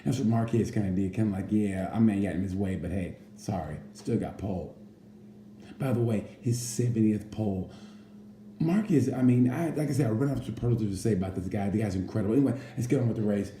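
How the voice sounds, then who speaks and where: Laid-back man with a dark, mellow voice. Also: fairly low pitch, fast. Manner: rambling, jokey, with playful impressions. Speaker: racing commentator. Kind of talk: casual chat. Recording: roomy with faint background noise.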